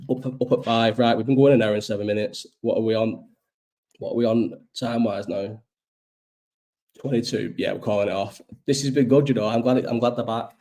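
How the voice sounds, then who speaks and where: Young male host, a bit ill and coughing, low voice with a mellow tone, rambling casual live-chat delivery. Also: steady tone, a little fast. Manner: rambling, chatty, swears casually.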